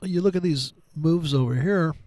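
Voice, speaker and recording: A man's voice: on the high side, moderate pace, mellow, no echo. Profane rambling man, close dry mic. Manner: profane, wisecracking, digressive. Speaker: trading commentator. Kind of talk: casual rambling chart commentary.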